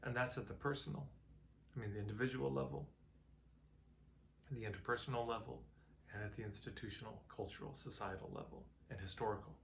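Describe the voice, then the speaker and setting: Male teacher, reflective and conversational, gravelly voice, faint background hiss. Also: medium pitch, steady tone, a little fast. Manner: musing, conversational, tells parables. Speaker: marketing teacher. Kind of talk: reflective talk to camera.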